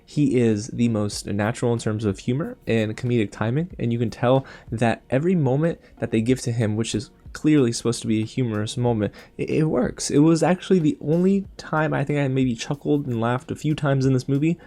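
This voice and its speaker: A man's voice: mid-range voice, brisk, few pauses, warm tone. A man hosting a movie review channel, talking through his thoughts in a chatty, upbeat, conversational way. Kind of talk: casual spoken film review.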